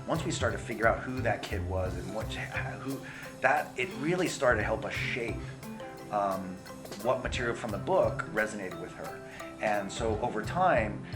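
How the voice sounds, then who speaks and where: A man, a filmmaker in an interview, answering in a reflective way with many restarts. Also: lowish voice. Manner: reflective, full of restarts and fillers. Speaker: filmmaker interviewed about his film.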